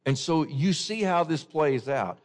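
A man's voice: a little high, animated, a little slow. A man preaching a sermon in an earnest way, often asking his listeners questions.

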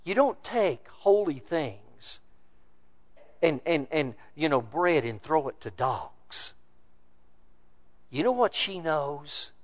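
A male pastor preaching a sermon, emphatic, rising loud then dropping low. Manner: emphatic preaching with wide swings of pitch and loudness.

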